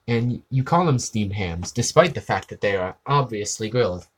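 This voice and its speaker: A man's voice: fairly low pitch, lively intonation, normal speed, a little hiss or hum, close to an everyday voice. A man doing a dry, suspicious Superintendent Chalmers. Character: stern middle-aged male school superintendent.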